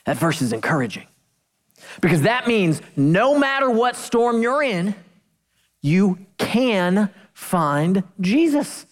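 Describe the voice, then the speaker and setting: A woman preaching a sermon, animated and emphatic, with jokey asides and slowed-down key phrases. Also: medium pitch, in a large hall.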